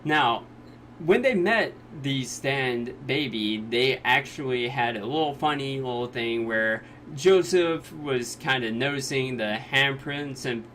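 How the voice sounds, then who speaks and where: A man of ordinary pitch talks through anime episodes in a casual, joking recap. Now and then he slips into the characters' lines. A faint hiss runs under the recording. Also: fairly bright tone. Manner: jokey retelling, quick quoted voices of characters. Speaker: anime reviewer.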